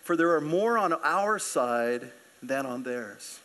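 A man voicing a calm, unshaken old male prophet, steady and reassuring. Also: on the high side, slow, pitched below the performer's own voice, full character voice.

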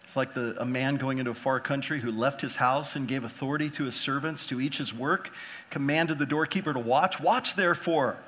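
Bright-voiced preacher, man. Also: medium pitch, a little fast. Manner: impassioned, swings between quiet and loud emphasis; acts out biblical figures in casual modern speech. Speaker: pastor. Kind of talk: sermon.

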